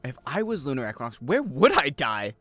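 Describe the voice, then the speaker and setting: A man's voice: mid-range voice, very animated, brisk, a bit bright, no echo, faint music behind. A male streamer rambling and joking casually with his chat while he plays. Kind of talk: casual game-stream chatter.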